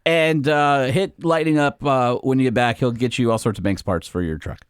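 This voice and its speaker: A man's voice: mid-range voice, moderate pace, clear, resonant tone, dry recording, studio quality. A man co-hosting a podcast in casual chat, joking wryly at his own expense. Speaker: podcast co-host.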